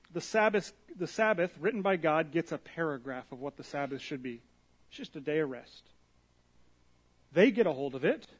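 A man preaching a sermon as pastor, telling the story in an animated way and acting out the quotes. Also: a little high.

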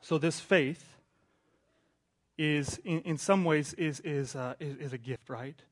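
Man, pastor, thirties, sermon, slightly high voice, conversational, restarts sentences, hushed then loud. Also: takes it slowly.

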